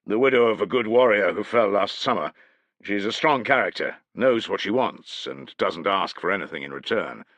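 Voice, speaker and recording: A man voicing a hearty, bawdy male tribal host who leers and jokes loudly in an audiobook. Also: fairly low pitch, expressive, normal speed, no echo, highs cut off, pitched above the performer's own voice. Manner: boisterous, leering. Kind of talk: audiobook character voice.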